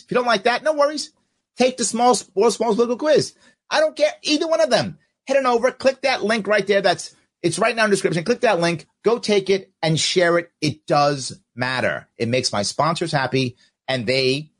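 A man hosting a political commentary podcast, his voice a bit higher than most men's. He talks right to his viewers and swings his pitch up and down a lot while he reads out their comments. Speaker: podcast host.

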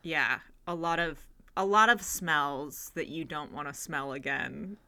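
A young woman co-hosting a podcast in casual chat, wry and skeptical, quick to laugh. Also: deep voice, pushed and bright. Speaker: podcast co-host.

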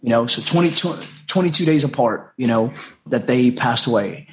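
A middle-aged American man, appearing as a guest on a podcast, shares a personal story in an earnest, heartfelt manner and tends to repeat himself, acting out quoted dialogue. He works as a life coach. His voice sits in the mid range with lively intonation at a normal speed, and there is a slight hiss or hum.

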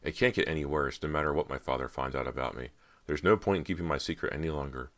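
Here a man whose voice is very deep performs a frightened teen girl's confession, climbing higher in shaky, pleading bursts. He speaks quickly, and his tone is a little bright.

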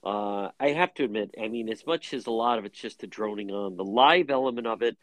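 A man hosting a talk radio show, interviewing a guest in an animated, quick-talking way. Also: on the low side, dry recording, low-quality recording.

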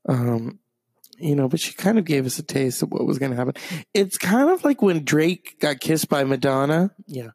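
Gravelly, rambling man ranting. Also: fairly high pitch, very animated, normal speed, darkish tone, no room sound. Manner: profane, rambling, full of fillers. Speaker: comedic commentator. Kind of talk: comedic rant.

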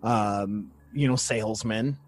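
A man's voice: on the low side, slow, a little hiss or hum. A man co-hosting a casual podcast, chatty and easygoing, reading quotes aloud and laughing easily. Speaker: podcast co-host. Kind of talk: casual chat about paranormal lore.

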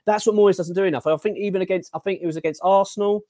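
A man's voice: high voice, rapid-fire, no room sound, clean studio sound. A man, hosting a casual football podcast and ranting animatedly, stumbling over his words. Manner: animated, ranting, filler-heavy. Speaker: podcast host.

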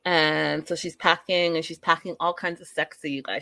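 A woman's voice: fairly low pitch, brisk, few pauses, pushed and bright, dry recording. Gossipy woman recapping a show. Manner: gossipy, addresses viewers directly. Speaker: reality TV recap vlogger. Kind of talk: chatty recap monologue.

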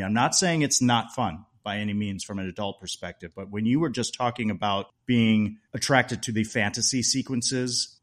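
A man co-hosting a podcast, chatting enthusiastically about a film, with restarts along the way. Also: on the low side. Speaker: podcast co-host. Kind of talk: casual movie review chat.

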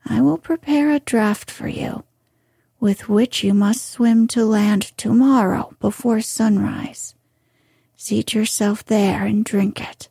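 A woman voicing a scheming, ancient sea witch in whispered role-play, speaking softly and slowly. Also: medium pitch, creaky, husky, dry recording, studio quality, exaggerated voice. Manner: soft, slow whispering.

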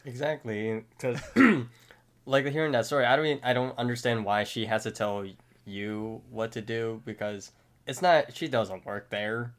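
A man's voice: mid-range voice, normal speed, a bit bright. A man co-hosting a podcast, chatting casually and agreeably. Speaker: podcast co-host. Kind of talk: casual chat.

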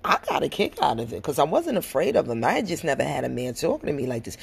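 A woman's voice: a bass voice, very animated, fast talker, gravelly, few pauses, breathy edge. A woman hosting a podcast, telling a personal story bluntly and with frank profanity. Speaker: podcast host. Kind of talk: casual storytelling monologue.

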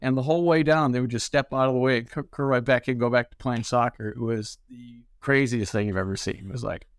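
A man spins animated stories, acting out each exchange with bursts of laughter. His voice sits at an ordinary pitch and the recording is dry and close. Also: fast, clean tone, dry recording. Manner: animated, laughing storyteller who acts out dialogue. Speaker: ferry pilot guest. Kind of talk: storytelling interview.

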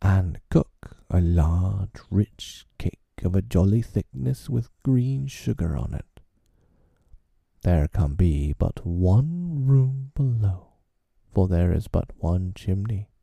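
A man's voice: low-pitched, expressive, creaky, mellow, no room sound, heavily acted. Man voicing Captain Hook, brooding pirate. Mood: gloating. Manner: slow, brooding, speaks through his teeth. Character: menacing, scheming adult male pirate captain. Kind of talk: storybook reading.

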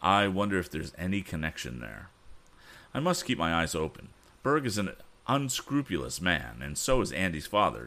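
A man's voice: deep voice, bright, forceful tone, full character voice. A man voicing a bold, righteous young male inventor who talks in firm, spirited retorts. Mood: musing.

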